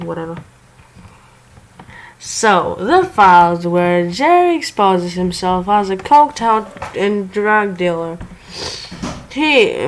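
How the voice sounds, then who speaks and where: Slow, stumbling woman reading a revenge story. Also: mid-range voice, poor audio. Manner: stumbling, self-correcting, laughing asides. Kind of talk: casual story reading with asides.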